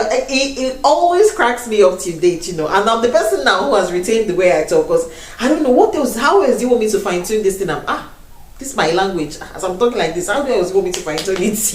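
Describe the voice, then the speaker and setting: A young Nigerian woman vlogging to camera in a chatty way, laughing often and slipping into Pidgin. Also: mid-range voice. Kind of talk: casual vlog talk to camera. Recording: roomy echo, a bit distant from the mic.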